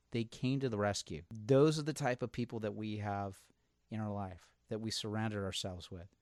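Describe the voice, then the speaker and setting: A podcast host leads a casual chat, telling stories with energy and acting out the people he quotes. His voice sits on the low side, captured in a dry recording with clean studio sound.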